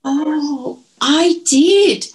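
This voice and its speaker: A woman's voice: sits high, drawn-out words, a little mellow. An older woman with an English accent, chatting on a podcast as co-host, telling stories in a chatty, giggly way. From England. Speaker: co-host, host's mother. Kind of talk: casual podcast chat.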